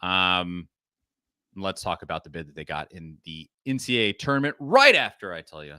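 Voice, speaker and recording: Man, podcast host, animated pitch, dry close sound, casual sports chat. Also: clear, resonant tone, no echo. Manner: lively, laughing, reads ad copy fast.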